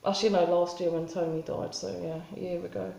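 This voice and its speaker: A woman talking in a spontaneous confessional vlog, halting and rambling with many restarts and fillers. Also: fairly low pitch, level tone, vocal fry, mellow, echoey room, low-quality recording. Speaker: vlogger.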